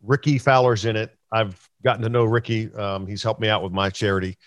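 A man's voice: on the low side, fairly even intonation, brisk, no echo. A middle-aged man hosting a golf chat show, telling a long story with quoted voices and plenty of fillers. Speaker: host.

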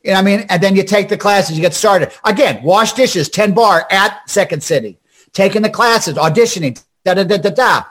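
An older comedian from Scranton is spinning stories in a fast, animated way, often doing the voices of the people he quotes. His voice sits high for a man, and he keeps stumbling into restarts as he pushes ahead. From Scranton, Pennsylvania. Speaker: comedian and actor guest. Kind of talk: storytelling interview chat.

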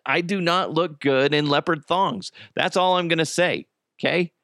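A man's voice: fairly high pitch, measured pace, fairly bright tone, no echo, clean studio sound. A man hosting a podcast, telling crude, jokey stories in a casual monologue and laughing often. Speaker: podcast host.

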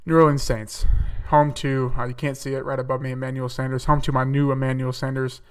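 A man's voice: mid-range voice, level tone, fairly quick, clear, resonant tone, distant mic. A young man hosting a podcast, talking casually through his picks and thinking aloud with fillers and self-corrections. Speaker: podcast host. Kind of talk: casual solo mock-draft commentary.

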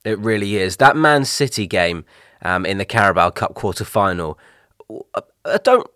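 A man talks through his thoughts on a casual podcast, often restarting mid-sentence. His voice sits low, and it is recorded dry and close with no room sound. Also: sing-song, moderate pace, a bit bright, no echo. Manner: reflective, with frequent restarts and ums. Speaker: podcast co-host. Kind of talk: casual chat.

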